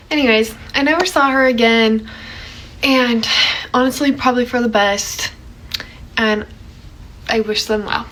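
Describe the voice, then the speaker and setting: A young woman in her twenties casually retelling an awkward story, animated and chatty, acting out quoted lines. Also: fairly high pitch, unhurried, background noise.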